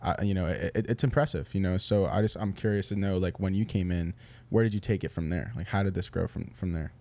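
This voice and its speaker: A man with a deep, dark and mellow voice hosts a casual podcast interview. He asks long, encouraging questions that wander and restart along the way. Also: fast talker, gravelly. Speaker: podcast host.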